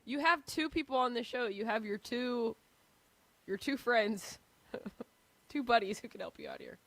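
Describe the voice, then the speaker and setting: A woman's voice: a little high, very animated, measured pace, dry recording. A woman co-hosting a sports talk show, teasing the host and laughing in casual banter.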